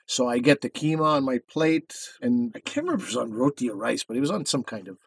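Man, podcast co-host, mid pitch, casual rambling story, dry close mic. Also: sing-song, fast, creaky, breathy edge, dry recording. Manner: rambling storyteller, self-correcting. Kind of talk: casual chat.

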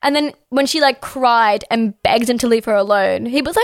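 A woman's voice: fairly high pitch, normal speed, no room sound, studio quality. Heated, sweary woman co-host. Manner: heated, swears often, lots of "like". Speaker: podcast co-host. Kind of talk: casual chat.

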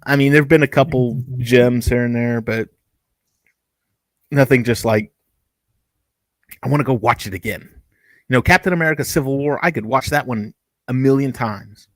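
A man's voice: mid-range voice, moderate pace, long pauses, no room sound. Chatty man rambling through a review. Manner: rambling, chatty, with frequent restarts and asides. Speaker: podcast co-host reviewing TV episodes. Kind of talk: casual review chat.

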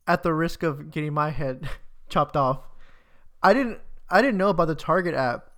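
A man's voice: fairly high pitch, normal speed, a bit bright. A man co-hosting a podcast, speaking in a laid-back, teasing way in casual chat. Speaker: podcast co-host.

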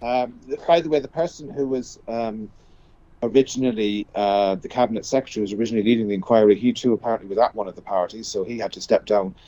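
A man giving political commentary as a radio guest, talking haltingly with many restarts. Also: on the low side, steady tone, mellow, no echo, dull audio.

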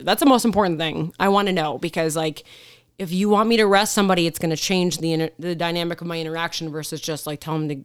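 A woman police officer telling stories in casual podcast chat, animated, acting out quotes and swearing freely. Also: lowish voice, fast talker, clear, resonant tone, no echo, studio quality.

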